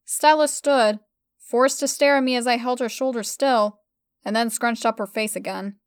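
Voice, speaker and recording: A woman reads a first-person story aloud with expressive delivery. Her voice is fairly high and smooth, crisp on every word. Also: normal speed, no echo, clean studio sound.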